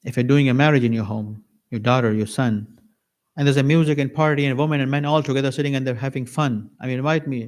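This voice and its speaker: Man preaching an animated sermon. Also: quick pace. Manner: animated, acts out little dialogues with varied pitch. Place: mosque lecture hall.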